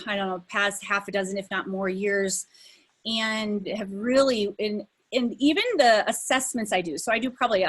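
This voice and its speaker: A woman's voice: on the high side, fairly bright tone. A woman coach giving a conversational webinar presentation over a video call, with many fillers and some emphasis. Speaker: leadership coach.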